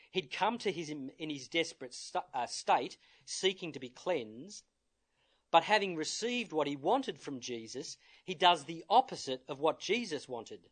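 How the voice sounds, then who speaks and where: A man preaching a sermon in an earnest, measured way, his voice sitting a little above the usual male range. He drives his points home by repeating key words and pauses now and then to restart a phrase. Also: fairly high pitch. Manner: earnest, measured, with emphatic repetition.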